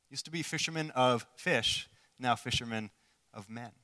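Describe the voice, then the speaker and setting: A man preaching a sermon in an earnest way, asking the listeners questions and swinging between loud passages and hushed ones. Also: medium pitch. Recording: long hall reverb.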